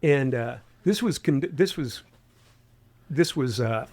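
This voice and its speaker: With an expressive, medium-pitched, slightly mellow voice and no echo, a man in his sixties speaks slowly in a conversational interview. He hails from Huntington, West Virginia, carries a faint Appalachian accent, and rambles with restarted phrases and plenty of fillers.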